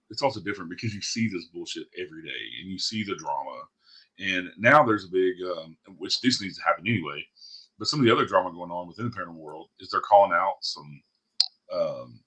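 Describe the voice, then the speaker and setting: A man's voice: deep voice, lively intonation, brisk, fairly bright tone, husky. A man hosting a podcast in casual chat, talking bluntly and profanely in a ranting way. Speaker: podcast host.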